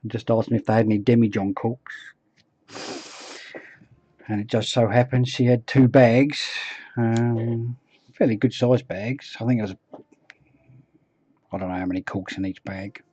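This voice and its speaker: While painting miniatures on stream, a man talks casually, mutters to himself and hums between comments. He speaks unhurriedly with long pauses and fairly even intonation, his medium-pitched voice mellow and slightly rough, with no room sound in the dull lo-fi audio.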